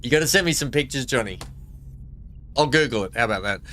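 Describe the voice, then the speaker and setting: A man's voice: mid-range voice, animated, fast, long pauses, bright, forceful tone, slight background noise. An Australian man streaming a game live, chatting with viewers and reading the on-screen text aloud. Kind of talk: casual live gameplay commentary.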